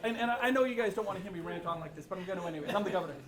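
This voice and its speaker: A man holds forth as a governor, blunt and ranting, voice pitched high for a man. He speaks fast, and the large room around him rings with echo. A soft ambient hiss sits behind him. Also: a crowd in the background. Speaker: state governor speaking at a forum. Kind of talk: impassioned public remarks. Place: large echoey room with an audience. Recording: roomy echo.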